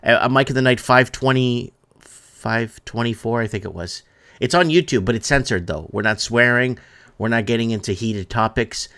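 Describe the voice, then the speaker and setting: A man's voice: medium pitch, moderate pace, fairly bright tone. Emphatic man hosting a stream. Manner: repetitive and emphatic, drives points home by restating them. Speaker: live-stream talk show host. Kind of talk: rambling live-stream chat, reading viewer comments.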